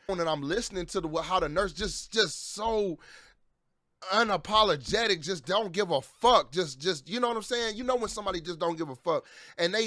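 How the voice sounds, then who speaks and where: Fired-up, high-voiced man ranting. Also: bright, forceful tone, dry recording, clean studio sound. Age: adult with children. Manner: heated, profane, repeats and restarts phrases. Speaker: vlogger. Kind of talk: angry storytelling rant.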